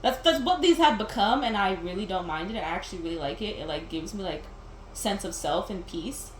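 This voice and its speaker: This young gaming host talks casually as she plays, rambling, laughing, and leaning heavily on "like." Her medium-pitched voice is lively and fairly quick, and the roomy recording carries game music plus a little hiss or hum.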